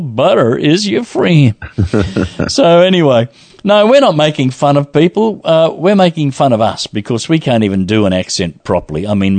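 A man's voice: medium pitch, darkish tone, no echo. A man co-hosting a religious talk show, reading a listener's email aloud with playful asides and frequent laughter. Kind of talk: casual chat.

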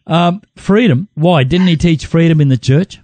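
A man's voice: fairly high pitch, normal speed, a little mellow, dry recording. Dry-sounding man hosting a talk show. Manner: probing, laughs easily. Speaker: host. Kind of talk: casual interview.

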